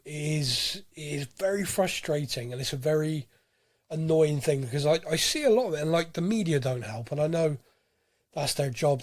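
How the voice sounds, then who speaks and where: Male podcast host, slightly high voice, dry close sound, rambling and animated delivery. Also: no echo. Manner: animated, rambling, frequent restarts. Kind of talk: casual fan podcast chat.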